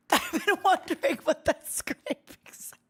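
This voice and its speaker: A woman's voice: very high voice, expressive, slow, fairly bright tone. A woman VTuber chatting casually on a live stream, giggly and playfully dramatic, laughing often.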